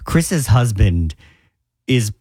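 A man's voice: on the low side, very animated, dark tone, breathy edge, no echo. Teasing man radio co-host. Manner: teasing, measured, careful with words. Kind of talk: casual radio banter.

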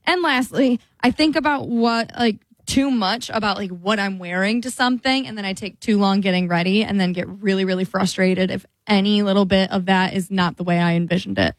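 A woman's voice: medium pitch, fairly quick, hardly any pauses, dry recording. A woman co-host talks casually about her own habits and pokes fun at herself. Her voice sits in the middle range. The studio sound is close and dry. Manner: chatty, self-mocking, slips into playful voices. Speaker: radio show co-host. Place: radio studio. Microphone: studio mic.

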